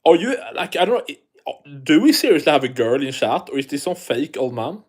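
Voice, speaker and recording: A man's voice: on the high side, sing-song, fairly quick, darkish tone, husky. A man from Sweden, hosting a casual live stream, chatting and reading the chat aloud while swearing freely.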